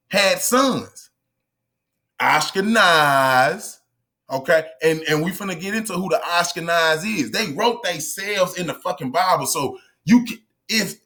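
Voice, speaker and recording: A man with a high, bright voice gives a profane lecture to camera. He hammers his points home confrontationally and repeats lines for emphasis. His tone is forceful and sharp as he talks straight at the viewer. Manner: emphatic, repetitive, confrontational, addresses viewers directly. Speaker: online lecturer. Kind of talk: profane, heated monologue to camera.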